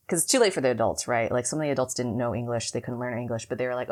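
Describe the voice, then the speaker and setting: Her voice rumbles low and darkish as she races along with barely a pause: a young Californian podcast co-host in casual conversation, telling a long story in a rambling way packed with fillers.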